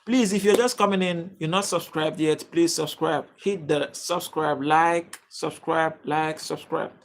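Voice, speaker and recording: Nigerian male stream host, casual and talkative, fairly high voice, keeps welcoming chat. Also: fairly even intonation, unhurried, slight background noise. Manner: chatty, greets viewers by name, reads chat aloud. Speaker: livestream host.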